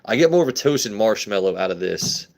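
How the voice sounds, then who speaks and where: Chatting and pouring on a laid-back whiskey livestream, a lowish-voiced man talks a little fast with a creaky quality. He jokes crudely with his viewers and swears freely, all off the cuff.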